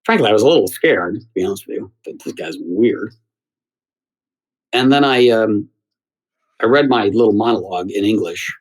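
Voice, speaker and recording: A middle-aged man from the United States, a theater critic, telling lively stories as a guest in an interview. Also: on the low side, moderate pace, pauses often, low-quality recording. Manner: animated storyteller who acts out quoted voices. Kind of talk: anecdotal interview storytelling.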